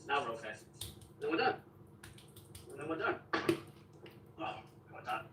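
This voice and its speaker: A man's voice: a little high, sing-song, unhurried. A man chatting casually in his kitchen while cleaning, telling a rambling, repetitive story. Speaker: vlogger. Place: home kitchen. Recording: echoey room, distant mic, background noise.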